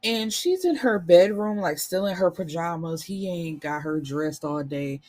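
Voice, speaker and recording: A woman in a casual, chatty book recap, colloquial and animated, with some swearing. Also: lowish voice, unhurried. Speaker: book reviewer.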